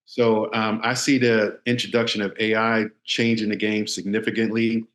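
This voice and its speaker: A man who is a guest on a podcast gives measured advice, with the odd filler. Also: lowish voice, little pitch movement, a bit bright. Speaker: podcast guest, security veteran. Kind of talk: casual interview chat. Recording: roomy echo.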